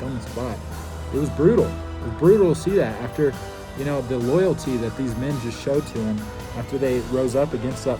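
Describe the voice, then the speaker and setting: A man casually recapping a TV episode, rambling loosely with many fillers. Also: mid-range voice. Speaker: TV show reviewer.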